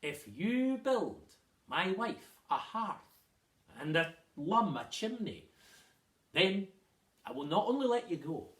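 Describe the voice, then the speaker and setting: Man as a slow, measured kelpie spirit, echoing room, mic far off. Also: high-pitched, big pitch swings, heavily acted. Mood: bargaining. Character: calm magical male water-horse spirit. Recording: roomy, distant mic.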